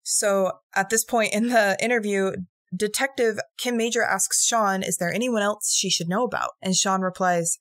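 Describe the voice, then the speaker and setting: Animated woman telling a crime story. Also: mid-range voice, moderate pace, dry recording, clean studio sound. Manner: animated, swearing, acting out quotes. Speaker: podcast co-host. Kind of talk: casual true-crime podcast storytelling.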